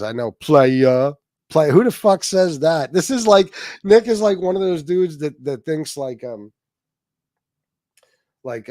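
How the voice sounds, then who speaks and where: A man hosts a livestream and comments on clips with scornful, mocking remarks and the odd laugh. His voice sits at a middle pitch. The room is dry, with no echo. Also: a little mellow. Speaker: livestream host.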